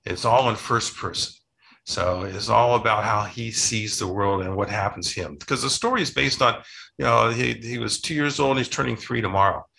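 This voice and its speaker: An older man who writes children's books rambles through family stories in a casual interview, restarting often. His voice is lowish and sharp in tone, with vocal fry, at a moderate pace.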